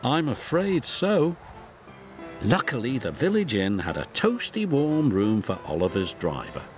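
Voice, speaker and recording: A man giving scripted storybook narration for a cartoon, expressive and gently paced. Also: fairly low pitch, moderate pace. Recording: music score behind.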